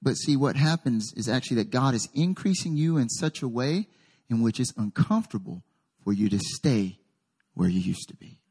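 A man pastor preaching a sermon, animated, with call-and-response to the congregation and story-telling asides. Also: mid-range voice, normal speed, husky.

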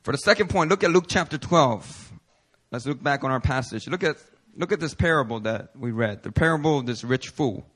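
Animated preacher guy, bright voice, jokes around with slang. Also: medium pitch, brisk. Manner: animated, playful, uses slang. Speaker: pastor. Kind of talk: sermon.

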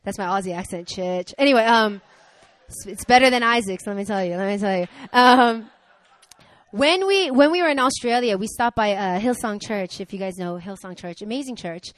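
A young woman preaching a sermon, conversational and energetic, swinging from loud exhortation to quiet asides. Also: medium pitch, moderate pace.

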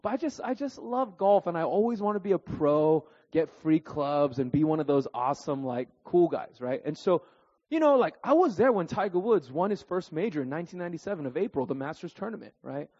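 Animated man telling stories in a hall. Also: a little high, brisk. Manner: animated, keeps adding "right?" and "okay?"; self-deprecating and jokey. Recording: dull recording with long hall reverb.

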